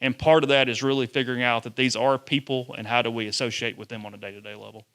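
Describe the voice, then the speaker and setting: A man, a sports journalist telling lively stories to students. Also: mid-range voice, quick pace, clear, resonant tone. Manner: animated storyteller, acts out quotes. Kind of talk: storytelling talk to students.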